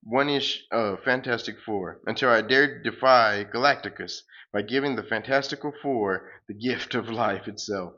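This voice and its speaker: A man voicing a goofy, boastful male space surfer hero who talks in an excitable, mock-heroic way. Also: fairly low pitch, moderate pace, few pauses, highs cut off.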